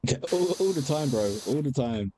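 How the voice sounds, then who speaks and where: Young male streamer with a very dark, mellow tone, casual and laid-back, switching into a high coo for his cat. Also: moderate pace, a little hiss or hum, rough recording. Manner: baby-talks to his cat in a high sing-song voice; relaxed, mutters to himself while gaming. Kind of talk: casual livestream chat.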